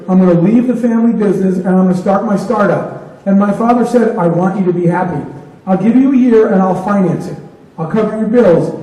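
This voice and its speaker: A man's voice: high voice, dark tone. A man giving a motivational talk to an audience, retelling conversations as dialogue. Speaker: keynote speaker. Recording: echoey hall from far off.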